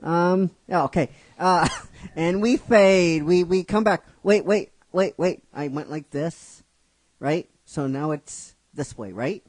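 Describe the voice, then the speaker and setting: A man's voice: a little high, slow pace, a little mellow, no room sound. A middle-aged man casually narrating a fan-written story, rambling with frequent restarts and asides to his listeners. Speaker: narrator of a fan script series.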